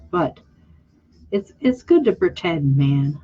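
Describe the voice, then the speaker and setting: A young woman chats casually to her viewers while she works on a drawing. She rambles candidly and pokes fun at herself, stops and restarts her sentences, and sounds a little teary. Her voice sits at a middling pitch, and the audio is slightly muffled and lo-fi. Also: measured pace, faint music behind. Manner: rambling, candid, self-mocking, with many restarts. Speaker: vlogger and artist.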